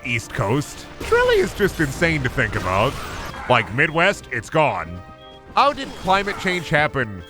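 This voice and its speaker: A man's voice: mid-range voice, pushed and bright. A man streaming a game, riffing in jokey, profane rambles as casual commentary. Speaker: gaming streamer.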